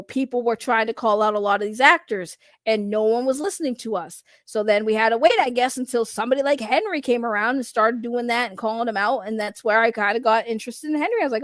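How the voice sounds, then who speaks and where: A woman's voice: on the high side, brisk, few pauses, no room sound. A woman doing casual livestream commentary, rambling and blunt, swearing freely and laughing often. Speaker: online commentator.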